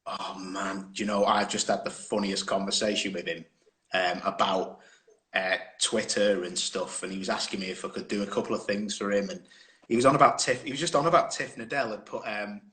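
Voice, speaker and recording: A man's voice: fairly low pitch, fairly even intonation, fairly quick, bright, forceful tone. A man chatting as a guest on a live phone stream, rambling through anecdotes and laughing often. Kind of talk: casual chat on a live stream. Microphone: phone on a video stream.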